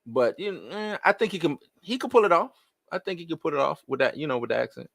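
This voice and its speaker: Live-stream host, man, bright high voice, exasperated rhetorical rant, dry close sound. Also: quick pace, vocal fry, dry recording. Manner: animated, rhetorical questions, exasperated. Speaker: host of a live movie-news show. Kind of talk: casual live-stream commentary.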